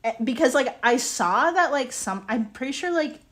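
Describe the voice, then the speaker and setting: At a moderate pace, a high-pitched young woman recounts a story while working on pottery on a stream. Her chat is casual and animated, full of "like"s and laughing bursts, with an exasperated, incredulous edge.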